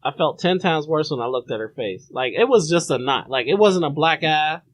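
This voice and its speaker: A young man hosting a podcast, telling a story in a lively, animated way, often restarting and acting out the voices. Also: a little high, fairly quick. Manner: animated, restarts a lot, acts out the people in his story. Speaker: podcast host. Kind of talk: casual storytelling.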